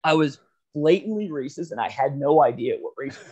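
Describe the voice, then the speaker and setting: A man's voice: fairly high pitch, lively intonation, moderate pace, a little mellow, slightly rough. A man co-hosting a podcast, telling a rambling, profane story in casual chat and laughing often. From Philadelphia area. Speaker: podcast co-host. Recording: dull lo-fi podcast audio.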